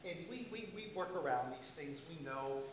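A man's voice: a little high, lively intonation, moderate pace, slight background noise. A man from Washington, D.C., a missionary giving a conversational church talk, telling anecdotes, acting out little exchanges and asking the congregation questions.

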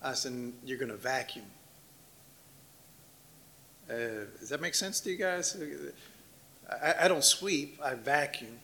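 A man's voice: medium pitch, expressive, unhurried, pushed and bright, slight background noise. A man from Washington, D.C., a missionary giving a conversational church talk, telling anecdotes, acting out little exchanges and asking the congregation questions.

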